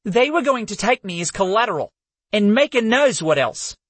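A small, fierce young woman with a sharp, venomous tongue, as a male narrator puts her on, her voice pitched high and cracking with emotion. The tone is husky, and the recording is dry and close. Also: sing-song, normal speed, no room sound, exaggerated voice. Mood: furious. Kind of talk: audiobook character voice.

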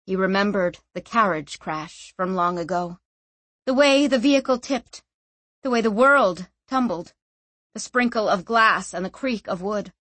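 A woman's voice: mid-range voice, animated, unhurried, a bit bright, no room sound. Woman narrating a fantasy audiobook.

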